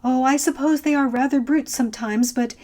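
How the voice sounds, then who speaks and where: A woman voicing a breezy, slangy modern young woman who talks in a quick, offhand way. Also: high-pitched, fairly even intonation, dark tone, pitched above the performer's own voice, close to an everyday voice.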